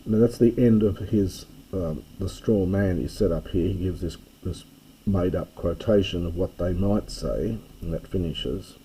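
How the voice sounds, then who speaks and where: Slow, mellow older man explaining a text. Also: low-pitched, slight background noise, low-quality recording. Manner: slow, careful and explanatory, pausing over each word. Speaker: classics teacher. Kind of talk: line-by-line lecture reading of an ancient text.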